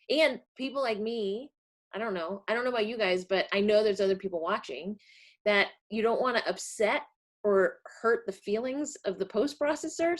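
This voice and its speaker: A woman, a photographer guest on a webinar, speaking candidly with laughs over a video call. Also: medium pitch. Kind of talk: webinar round-table discussion.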